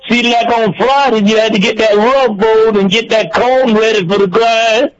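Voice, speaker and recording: An older man from Georgia calls in with a fairly high voice. He rambles through old memories in a relaxed, repetitive way. The call sounds dull and lo-fi. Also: normal speed. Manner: warm-hearted storyteller, repeats himself. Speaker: radio caller. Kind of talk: casual reminiscing chat.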